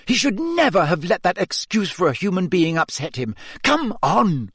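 A man reading a story aloud, voicing a fierce, clever teenage schoolgirl in a high, indignant, sharp voice. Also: sing-song, normal speed, husky, no room sound, studio quality, heavily acted. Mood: defiant.

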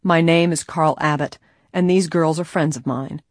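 A woman's voice: low voice, steady tone, normal speed, no room sound, studio quality, natural voice. A woman reading an audiobook, voicing a blunt, confident young man. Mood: blunt firm. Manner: blunt, assertive. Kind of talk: audiobook character voice.

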